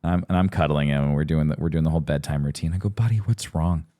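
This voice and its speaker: A man's voice: a bass voice, racing. A man in his thirties co-hosting a podcast in casual chat, telling stories animatedly and acting out voices. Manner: animated storyteller, acts out voices. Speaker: podcast co-host.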